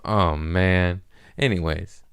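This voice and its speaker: A podcast host with a low, clear, resonant voice speaks slowly, with no room sound audible. He rambles through absurd comic tangents in a profane monologue, clearly amused with himself.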